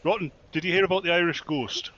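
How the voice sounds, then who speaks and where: A man's voice: sits high, fast talker, sharp tone, lo-fi sound. A man co-hosting a casual group podcast, telling jokes and groping for words. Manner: tells jokes, fumbles for words.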